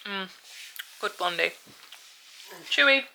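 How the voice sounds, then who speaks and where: A woman's voice: mid-range voice, animated, takes it slowly, pushed and bright, rough recording. A woman with a Northern English accent chatting casually to camera in her home kitchen. She laughs easily and sounds mock-outraged about small things. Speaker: vlogger. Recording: clear background noise at home.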